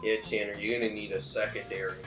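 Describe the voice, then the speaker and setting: A man's voice: on the low side, flat delivery, fast, reverberant, music in the background. A young man teasing his friends smugly during a tabletop game. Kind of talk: casual game chat with friends.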